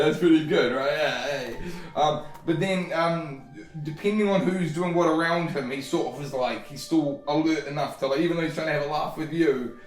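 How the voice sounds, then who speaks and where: A man narrating a tabletop game as game master, rambling and hesitant, with many fillers. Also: on the high side. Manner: rambling and hesitant, full of "sort of" and "like". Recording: roomy, from far off.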